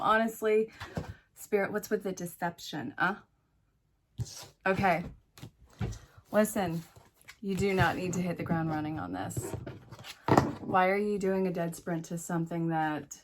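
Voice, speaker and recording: A woman with a fairly low voice reads tarot cards for an unseen viewer. She speaks directly to "you" in an encouraging, frank way and breaks off into chatty asides to spirit. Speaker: tarot reader. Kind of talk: solo tarot reading to camera.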